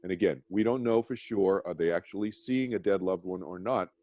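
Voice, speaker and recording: Low and mellow, the voice of this guest meditation teacher comes through with a lo-fi sound as he speaks fairly quickly. He explains in earnest, restarting often and checking in with "okay?"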